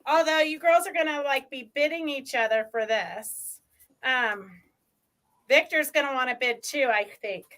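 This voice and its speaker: A woman's voice: sits high, measured pace, pushed and bright. A woman hosting a live sewing stream, chatting casually and rambling with lots of ums as she shows fabric. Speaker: host of a live sewing show.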